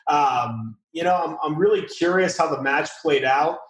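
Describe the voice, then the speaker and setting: A man hosting a podcast in relaxed, casual chat, often pausing with fillers. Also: a little high. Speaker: podcast host. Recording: roomy sound with faint music.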